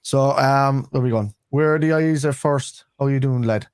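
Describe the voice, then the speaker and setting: A man's voice: mid-range voice, moderate pace, smooth, no room sound, studio quality. A man hosting a casual football livestream chat, chatty and friendly with his guests. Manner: chatty, calls everyone lad. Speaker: host.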